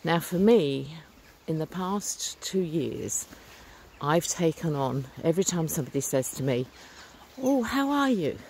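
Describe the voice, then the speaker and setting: A middle-aged vlogger with a low-sitting, mellow voice speaks a little slowly, and a faint hiss or hum is audible. Walking a rural lane next to a stream, she talks casually to a handheld phone or camera. She's earnest and upbeat, chatty, with lots of fillers.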